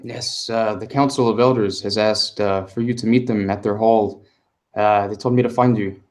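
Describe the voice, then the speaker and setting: A man's voice: fairly low pitch, fairly even intonation, moderate pace, lightly acted. A man voicing a nervous, polite young boy who carries messages around a village. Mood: earnest. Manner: polite, hesitant, eager to please.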